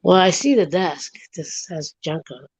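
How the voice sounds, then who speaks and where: A woman's voice: on the low side, moderate pace, darkish tone, slightly rough, no echo, poor audio. A woman hosting a casual livestream chat from her home room, telling stories in a rambling, giggly way.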